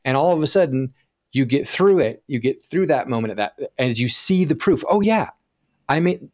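A man's voice: mid-range voice, lively intonation, a little fast, no echo, studio quality. A man speaking as a podcast guest who explains with animation, acting out inner voices and often stumbling and restarting his sentences. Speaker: podcast guest, profit coach. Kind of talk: podcast interview conversation.

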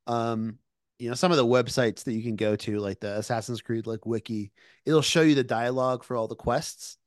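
A male podcast co-host with a medium-pitched voice casually retells events, using lots of filler words. The studio-quality recording has no echo, and the conversation is a relaxed discussion.

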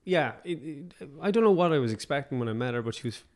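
A man's voice: medium pitch, expressive, fast talker. Chatty Irish man guest. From Ireland, County Meath. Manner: chatty, swears freely, laughs often. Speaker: guest actor. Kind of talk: casual podcast chat.

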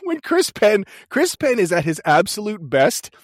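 Animated, profane man recapping a movie. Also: high-pitched, a little slow, no echo, clean studio sound. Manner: animated, profane, laughs a lot, acts out movie lines. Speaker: podcast co-host. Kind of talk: casual movie recap chat.

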